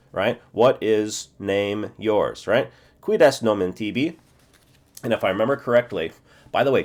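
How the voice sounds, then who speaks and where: A man in his forties walks through a self-study language lesson, repeating phrases slowly and checking himself as he goes. His voice sits fairly low, and he thinks aloud between drills. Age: 40s. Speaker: language teacher.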